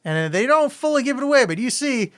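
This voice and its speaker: A man co-hosting a podcast who trades quick jokes and puns in a casual movie review chat. His voice sits high for a man and leaps around in pitch as he talks. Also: very animated, fairly bright tone. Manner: jokey, quick with puns and asides. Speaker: podcast co-host.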